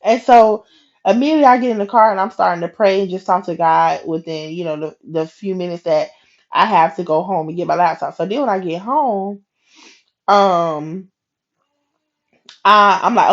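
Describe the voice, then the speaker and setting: A woman hosting a faith podcast, telling a personal story in a lively, chatty way and acting out the lines of each person in it. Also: mid-range voice, moderate pace, dull audio. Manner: animated, acts out her own and others' quoted lines; casual and chatty, talks straight to listeners. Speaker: podcast host.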